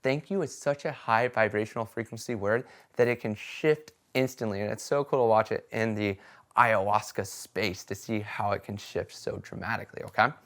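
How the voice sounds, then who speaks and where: Animated man telling stories casually. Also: lowish voice, moderate pace. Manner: animated storytelling, acts out quoted voices; conversational fillers like "right?" and "okay?". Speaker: vlogger sharing experiences. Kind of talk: casual talk to camera.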